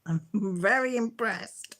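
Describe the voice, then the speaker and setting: A woman's voice: mid-range voice, a bit bright, a little hiss or hum. A middle-aged woman, hosting a casual live stream, reading comments and often breaking into giggles. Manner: giggly, self-deprecating, chatty.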